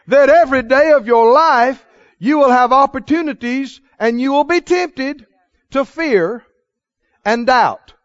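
A man's voice: very high voice, slow, a bit bright, no room sound, muffled recording, a faint crowd. A man preaching a sermon, asking the congregation questions and repeating answers for them to call back. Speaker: pastor.

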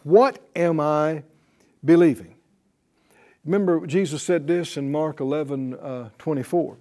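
A man's voice: fairly high pitch, a little slow, mellow. A man teaching a Bible class in a sermon style, emphatic and repetitive, often putting questions to the class.

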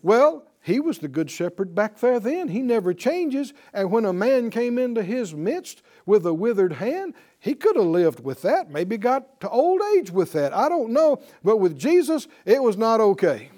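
High-pitched, lively preacher man. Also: moderate pace, hardly any pauses. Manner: animated, asks the audience questions for call-and-response. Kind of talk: sermon. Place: teaching before a live audience.

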